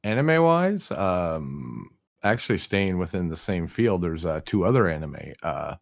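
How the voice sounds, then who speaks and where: A man's voice: low-pitched, very animated, measured pace, vocal fry. A man joining a casual chat as a guest, hesitant and full of fillers, swearing casually.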